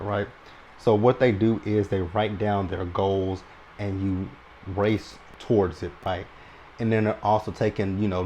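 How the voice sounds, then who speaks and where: A man with a fairly low-pitched voice talks through a reality TV episode in a relaxed, chatty way. He is long-winded and keeps tagging "right?" onto his points. A faint hum of room noise sits behind him. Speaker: reality TV recap host. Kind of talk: casual commentary recap.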